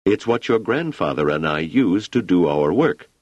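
A man doing a gentle, owlish old scholar. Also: low voice, sing-song, normal speed, no echo, lo-fi sound. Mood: kindly. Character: gentle absent-minded older male scholar.

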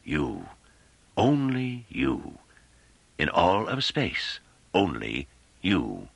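A man doing a wise old man, slow hypnotic calm, very deep and husky. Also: no room sound, heavily acted. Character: calm, wise elderly man, patient teacher.

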